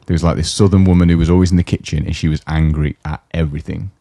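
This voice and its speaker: A deep, mellow-voiced man chats fast and loosely on a podcast. He rambles through anecdotes and acts out the people he talks about. The sound is dry and close. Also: steady tone, no room sound. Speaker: podcast co-host. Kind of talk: casual chat. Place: indoor podcast studio.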